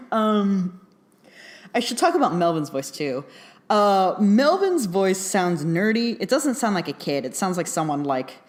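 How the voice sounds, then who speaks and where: A woman's voice: mid-range voice, sing-song, a little slow. A young adult woman giving a casual, chatty film review, full of fillers and little laughs. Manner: chatty, rambling, many fillers and giggles.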